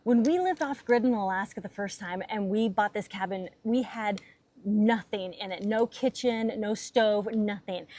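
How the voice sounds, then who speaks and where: A woman's voice: medium pitch, a little mellow, no echo. A young adult woman hosting a casual cooking vlog, chatty and playful as she demonstrates outdoors. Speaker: host. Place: outdoors at a cabin.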